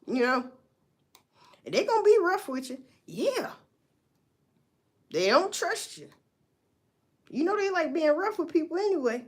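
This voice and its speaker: A woman's voice: sits high, very animated, a little slow, pauses often, slightly rough. A woman hosting a casual livestream, giving blunt, profane commentary and talking straight to her viewers. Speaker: livestream host.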